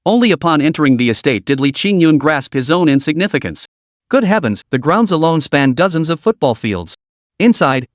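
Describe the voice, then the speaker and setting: Animated male story narrator. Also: on the high side, no room sound, studio quality. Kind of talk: scripted story recap narration.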